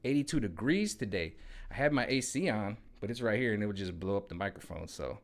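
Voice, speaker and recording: This fairly low, expressive male voice belongs to a vlogger venting about politics at home on a hot day, sweat and all. He speaks a little fast, rambling in slang and repeating "you know what I'm saying" again and again.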